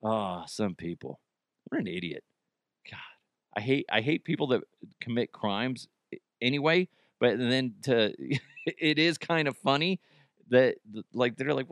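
A man's voice: mid-range voice, expressive, unhurried, fairly bright tone, no echo, studio quality. A man hosting a podcast, rambling through a crude comedic monologue and laughing at his own jokes. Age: middle-aged. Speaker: podcast host.

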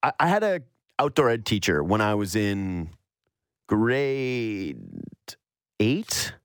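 A man from the Yukon, a sports radio host, telling a long personal story in an animated, storytelling way. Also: on the low side, slow pace, clear, resonant tone, no echo, clean studio sound. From Yukon, Canada. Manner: animated storyteller, mocks whiny voices. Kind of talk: storytelling monologue.

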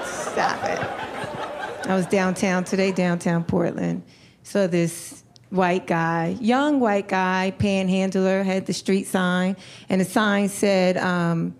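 A woman comedian doing a live stand-up set, telling stories in an animated way, laughing and slipping into put-on voices. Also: medium pitch, slow. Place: comedy club stage before a laughing crowd. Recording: live club with crowd laughter and noise.

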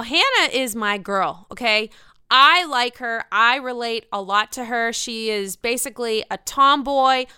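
Bright, crisp, animated woman gossiping. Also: fairly high pitch, no room sound, studio quality. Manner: animated, profane, gossipy, fast-shifting emphasis. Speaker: reality TV recap host. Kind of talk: casual solo commentary.

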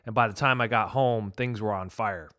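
A middle-aged man, a former pitcher, co-hosting a podcast, telling an animated anecdote in casual chat. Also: normal speed, no room sound, clean studio sound. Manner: animated anecdote teller, quotes others.

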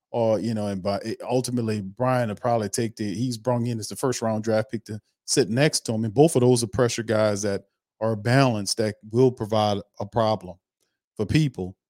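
A man hosting a sports podcast, talking in an animated, repetitive way. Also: medium pitch, no echo, studio quality. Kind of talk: casual sports commentary.

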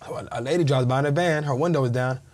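His voice is mid-range and racing as this thirty-something ex-pro football player recounts a tale in a laid-back interview. Lively in the telling, he imitates each person he quotes.

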